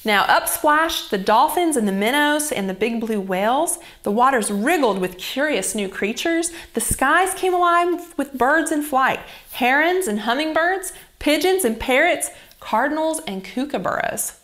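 A young woman reads a story aloud to children in a gentle, expressive way. Her voice sits a little on the high side. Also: a little slow, few pauses. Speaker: children's church teacher. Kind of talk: reading a Bible story to children.

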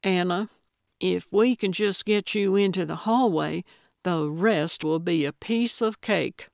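A woman narrator voicing a blunt, coaxing elderly woman amateur detective in an audiobook, speaking louder and more briskly than her narration. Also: fairly low pitch, vocal fry, dry recording, clean studio sound.

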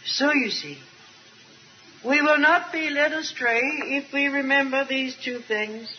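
An older woman preaching a sermon at a retreat, earnest and emphatic, drawing out key words slowly with a light aside now and then. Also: high voice, a little hiss or hum. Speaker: speaker at a Christian retreat. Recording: dull archival tape recording.

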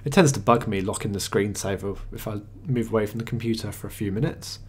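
Recording at his desktop computer mic, this male tech reviewer narrates a screencast software review in a plain, chatty manner, now and then pausing with slight hesitations. His voice sits on the low side with a breathy edge.

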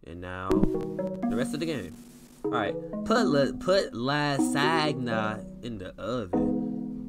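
Young male streamer, lively swooping delivery, mid-range voice, loud guitar game music underneath. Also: mid-range voice, normal speed. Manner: animated, slangy reactions, sudden loud outbursts. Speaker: gaming streamer. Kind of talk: live game commentary. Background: loud game music with plucked guitar.

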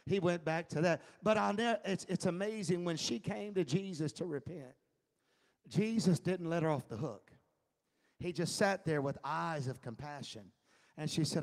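A high-pitched man preaching to an adult Bible class, emphatic and often chuckling. He drops to a hush, then builds toward shouting. His voice carries a long reverb from a church hall. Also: moderate pace. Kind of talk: sermon-style Bible teaching.

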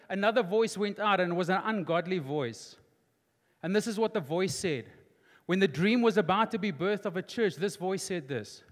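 A man, preaching a sermon as pastor in a large church auditorium, emphatic and repetitive, building to near-shouting. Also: high-pitched, moderate pace. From South Africa. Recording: long hall reverb in church auditorium.

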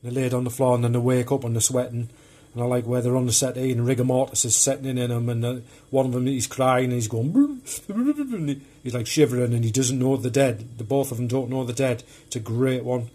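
Showing off his home film collection on video, a man talks quickly with few pauses in a medium-pitched, level, dark, husky voice. He is chatty and rambling, loose and unpolished.

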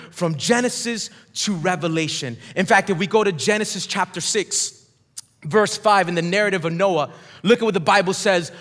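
A man's voice: high voice, a bit bright. A man preaching a sermon as pastor, emphatic and building, calling on the congregation to repeat words back to him. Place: large church auditorium. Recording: long hall reverb.

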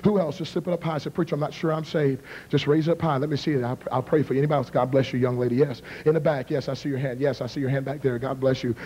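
A man in his thirties preaching a revival sermon and leading an altar call, swinging from hushed whispers to shouted appeals. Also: mid-range voice, steady tone, racing, hardly any pauses, slight background noise. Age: 30s. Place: large church with balcony. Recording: long reverb of a large hall.

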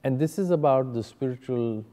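A man in his sixties with an Indian English accent, an animated storyteller who acts out dialogue and drops in Hindi phrases while speaking to students. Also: mid-range voice, normal speed. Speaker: guest artist speaking to students. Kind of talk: storytelling talk. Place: art gallery. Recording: reverberant hall.

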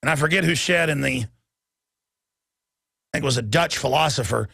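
A man hosting a political talk radio show, delivering a heated, emphatic monologue with sudden loud bursts. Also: mid-range voice, normal speed, gravelly, slightly rough, dry recording, studio quality. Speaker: radio and web show host.

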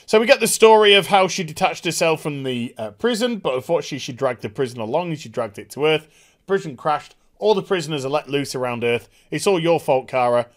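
A man giving a casual, animated and profane TV episode review. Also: on the high side. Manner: animated, profane, quick impressions. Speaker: TV show reviewer.

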